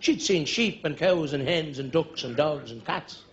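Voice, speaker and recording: A middle-aged man with a Dublin accent doing stand-up, telling rambling anecdotal stories and bursting into loud shouts at the punchlines. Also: fairly high pitch, animated, a little slow. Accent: Irish, Dublin. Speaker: stand-up comedian. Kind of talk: stand-up storytelling. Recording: dull live recording with audience laughter. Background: audience laughter.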